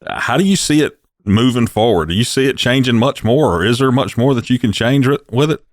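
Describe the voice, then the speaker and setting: A man hosting the podcast, asking open questions in a measured way. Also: medium pitch, lively intonation, dry recording, studio quality. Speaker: podcast host. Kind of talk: interview questions.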